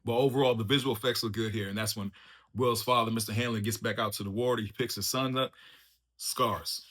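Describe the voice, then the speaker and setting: Guy doing a quick excited show review, bright voice, slangy, laughs a lot. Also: on the low side. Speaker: TV review channel host. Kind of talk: casual spoiler review chat.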